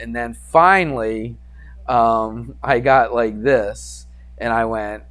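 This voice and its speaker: Speaking at a medium pitch and a slow pace, a male math teacher narrates a classroom story in a spirited lecture. He acts out the quoted voices and adds sound effects for his students.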